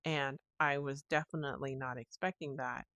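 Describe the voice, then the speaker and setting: Woman podcast host, casual rambling monologue, gravelly fry, dead-dry close sound. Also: a bass voice, fairly even intonation, normal speed, fairly bright tone, dry recording. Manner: rambling, restarts sentences, retells phone calls.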